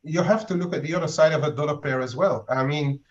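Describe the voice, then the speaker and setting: Wry higher-voiced man on a dull line. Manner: blunt and wry, with a few halting restarts. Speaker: market analyst on a trading webinar. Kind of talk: casual chat.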